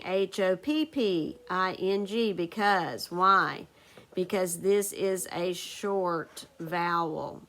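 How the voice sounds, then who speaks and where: A woman teacher leading a recorded phonics lesson, dictating sentences slowly and spelling words out letter by letter. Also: on the low side, fairly bright tone. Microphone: recorded for a video lesson.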